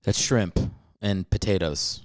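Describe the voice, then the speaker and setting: Podcast guest guy, lowish voice, deadpan jokes, dry close mic. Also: slow, no echo. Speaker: podcast guest, actor and writer. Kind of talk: casual comedic banter.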